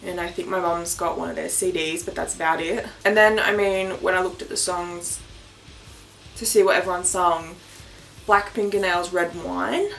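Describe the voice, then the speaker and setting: A young Australian woman vlogging in a casual, excitable way, laughing often and swearing casually. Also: fairly low pitch, normal speed, gravelly, soft background music. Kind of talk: casual chat.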